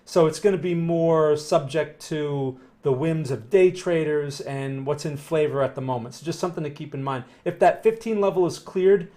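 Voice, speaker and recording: A man's voice: on the high side, moderate pace, few pauses, mellow. Chatty man walking through trading charts. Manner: conversational, thinking aloud, frequent "right?" and "okay?". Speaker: market analyst streaming a live Q&A. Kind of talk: casual live-stream chart analysis.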